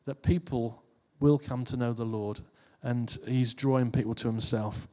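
A preacher with a warm, mid-range voice gives an informal sermon to his congregation at a steady, measured pace. He speaks conversationally, often repeating and restarting phrases. A long hall reverb fills the recording.

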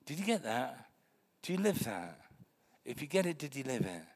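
An older man preaching a lively, joking sermon in a church meeting room, swinging between loud exclamations and hushed remarks. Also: mid-range voice, normal speed, slightly rough.

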